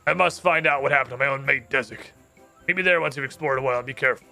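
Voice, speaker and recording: A man voicing an earnest male hydromancer guide, reading his lines quickly and plainly. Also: mid-range voice, creaky, sharp tone, soft background music.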